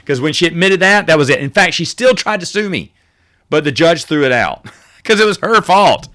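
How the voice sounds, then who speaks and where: A man's voice: a little high, expressive, moderate pace, pushed and bright. A man hosting a podcast, telling rambling, self-correcting stories in a casual monologue. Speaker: podcast host.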